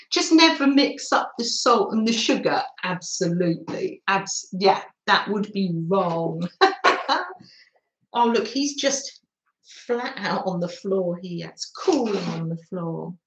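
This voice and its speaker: A woman vlogger chatting casually on a live stream, giggling often and talking warmly to viewers and her dogs. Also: mid-range voice, lively intonation, slow, reverberant, slight background noise, poor audio. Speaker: craft vlogger. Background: pet dogs nearby.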